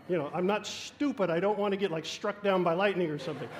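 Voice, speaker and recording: High-voiced man preaching with humor. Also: fast, hardly any pauses. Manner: animated, self-mocking humor. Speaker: guest preacher. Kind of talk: sermon with storytelling.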